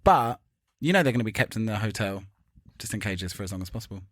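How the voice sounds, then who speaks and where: Camp, sarcastic man, swooping pitch. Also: animated, fast, a bit bright, dry recording, clean studio sound. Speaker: podcast co-host. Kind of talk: casual chat.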